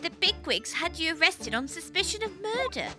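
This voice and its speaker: A woman's voice: very high voice, sing-song, brisk, music in the background, pitched above the performer's own voice. A woman reading as a clever cheeky young girl. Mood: explaining. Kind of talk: reading game dialogue aloud.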